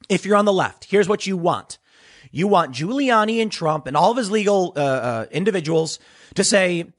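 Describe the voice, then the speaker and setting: A man's voice: high voice, expressive, normal speed, a bit bright. A man hosting an opinionated political commentary show, talking emphatically and repeating words as he pushes his point.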